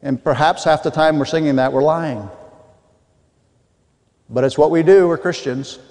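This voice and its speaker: High-voiced male preacher in a reverberant hall. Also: normal speed, a little mellow. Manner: earnest, explanatory, with frequent restarts. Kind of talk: sermon with scripture reading.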